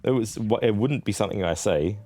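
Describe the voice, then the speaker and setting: A man's voice: fairly low pitch, fairly quick, dark tone, soft background music. A young Australian man streaming a video game, chatting in a rambling, laughing way with plenty of swearing. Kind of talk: casual gaming commentary.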